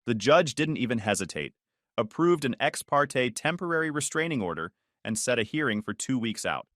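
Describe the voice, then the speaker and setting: A man's voice: medium pitch, big pitch swings, normal speed, a bit bright, no echo, clean studio sound. A man narrating a first-person story in a scripted, dramatic way.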